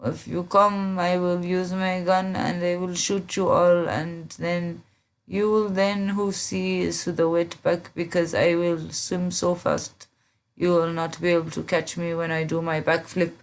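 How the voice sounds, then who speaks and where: A woman's voice: fairly low pitch, level tone, measured pace. A woman doing a mocking caricature of a boastful Spanish-speaking man, in an exaggerated fake accent. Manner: exaggerated fake accent, sing-song repeats.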